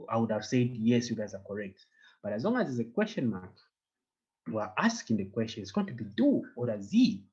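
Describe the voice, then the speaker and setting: A man leads an online German class, explaining things in English and slipping German phrases in. He speaks slowly and patiently, with a joking edge. The audio is dull and lo-fi. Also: medium pitch, a little mellow. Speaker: German teacher.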